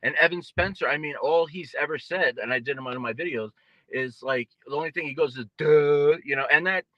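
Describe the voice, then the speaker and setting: A young man being interviewed as a boxer, trash-talking with boastful, mocking swings in pitch. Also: brisk, dry recording, highs cut off. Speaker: guest boxer. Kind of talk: casual trash talk interview.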